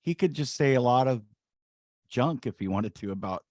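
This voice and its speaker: A man's voice: mid-range voice, expressive, normal speed, darkish tone, dry recording. Man chiming in, dry sound. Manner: brief interjections, teasing. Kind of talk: casual chat.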